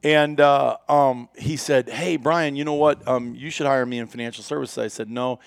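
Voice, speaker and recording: A middle-aged man with a gravelly, fry-laden voice, recorded in a dry space. He tells a story in a casual interview, rambling and full of ums, uhs and restarts. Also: mid-range voice, fairly even intonation, moderate pace, dry recording. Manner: rambling, many fillers and restarts. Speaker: company founder.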